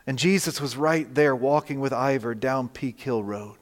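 A man preaching a sermon, telling a personal story in a relaxed, conversational way while advancing slides. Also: medium pitch, normal speed, few pauses. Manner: storytelling, conversational, animated in quoted dialogue. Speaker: pastor. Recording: long hall reverb.

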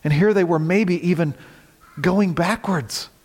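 A man preaching a sermon as pastor, swinging from quiet, low lines to shouted warnings. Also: a little slow. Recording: long reverb of a large hall.

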